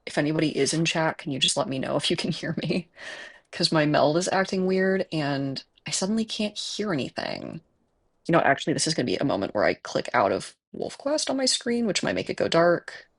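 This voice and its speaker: Here's a Chicago-accented streamer from the Midwest, gabbing through a live gaming session with plenty of fillers and laughs at himself. The mid-range voice is creaky and husky, animated and brisk. Audio comes from earbuds plus a desk mic.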